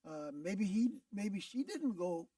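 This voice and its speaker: A man's voice: high-pitched, expressive, slow pace, mellow, no room sound, distant mic, rough recording. A man talking on a radio show as co-host, easygoing with brief remarks. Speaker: co-host, state senator. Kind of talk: casual radio talk show. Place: radio studio.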